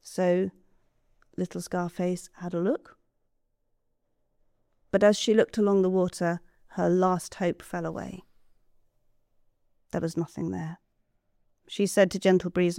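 Storyteller woman, soft and expressive, dry close sound. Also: lowish voice, unhurried, long pauses, no room sound. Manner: soft, expressive, drops to whispers. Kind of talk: oral storytelling.

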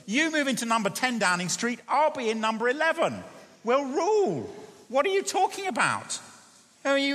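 A man preaching a sermon voices an impulsive, ambitious disciple who protests in rapid, indignant bursts. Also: extremely high pitch, sharp tone, big-room sound, voice pushed up, full character voice.

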